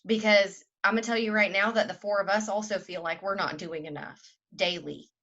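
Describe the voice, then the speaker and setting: A woman leading a group call, giving a fervent, preachy pep talk that swings between loud and soft. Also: mid-range voice, steady tone, fairly quick, highs cut off. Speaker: team leader on a group call.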